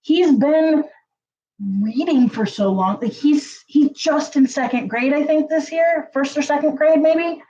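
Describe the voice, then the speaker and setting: A woman telling a story to her viewers in a casual, chatty way, full of fillers and lively jumps in pitch. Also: measured pace, muffled recording, a little hiss or hum. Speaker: channel host.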